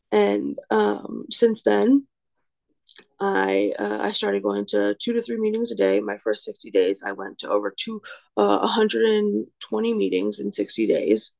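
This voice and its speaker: Heavily gravelly young woman, rambling. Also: medium pitch, lively intonation, measured pace, darkish tone, poor audio. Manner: rambling, with frequent "you know" and "um" fillers; frank and self-deprecating. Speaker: recovery speaker sharing her story. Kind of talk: candid personal testimony.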